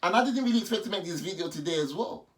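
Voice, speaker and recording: A man, a pastor, giving an animated personal testimony in a vlog and repeating himself as he talks. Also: high voice, very fast. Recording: distant mic with faint background noise.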